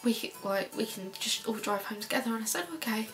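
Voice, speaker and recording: A young woman, a student filmmaker, quietly recalling events in a personal documentary interview. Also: a little high, fairly even intonation, fast, faint music behind. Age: young adult. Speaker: filmmaker recalling her mother's illness.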